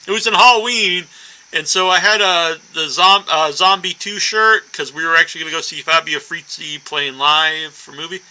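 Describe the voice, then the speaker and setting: A man's voice: high-pitched, pushed and bright, smooth, low-quality recording. A man hosting a horror podcast, telling stories in a loose, rambling way and laughing often. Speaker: podcast host. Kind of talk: casual chat.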